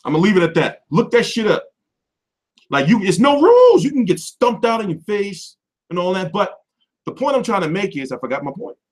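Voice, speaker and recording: Male stream host, high and lively voice, profane off-the-cuff rant from his home setup. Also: fairly quick. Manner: animated, swearing, jumps between loud and mumbled. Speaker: boxing commentary livestream host.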